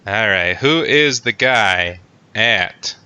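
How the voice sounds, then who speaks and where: A man's voice: fairly low pitch, animated, takes it slowly, sharp tone, clear, resonant tone, no room sound. A man hosting a casual sports podcast, joking and rambling with lots of fillers. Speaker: podcast host. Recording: dull lo-fi sound.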